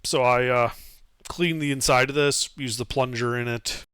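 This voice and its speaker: A man playing a tabletop game, talking in a lively, hesitant way with many fillers. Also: mid-range voice, normal speed, smooth, dry recording. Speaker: player.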